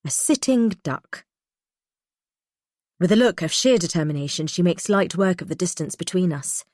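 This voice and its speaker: Woman reading a tense thriller audiobook, lowish voice, dry close mic. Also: brisk, darkish tone, no echo. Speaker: audiobook narrator. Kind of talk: first-person thriller narration.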